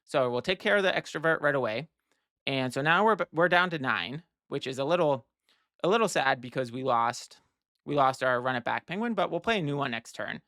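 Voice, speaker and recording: A man talks through a card game in a relaxed, think-aloud way, restarting sentences and working out each move as he goes. His voice sits at an ordinary middle pitch and is recorded close and dry, with no room sound. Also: fairly quick, no room sound. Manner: explanatory, plans moves step by step. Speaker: card game strategy teacher. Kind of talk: casual gameplay walkthrough.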